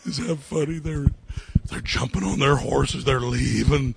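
A male pastor preaching a sermon, repeating his phrases and building up to fervent shouting. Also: medium pitch, unhurried, gravelly, background noise.

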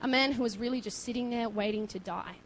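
A woman preaching a sermon, impassioned and building to loud emphasis. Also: a little high, fast talker, slight background noise, rough recording.

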